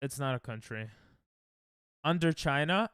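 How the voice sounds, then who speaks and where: A man's voice: medium pitch, animated, measured pace, a bit bright, clear, resonant tone, dry recording, studio quality. A young American man streaming a geography guessing game, thinking aloud and trash-talking his chat. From United States. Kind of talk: casual live-stream chatter while playing.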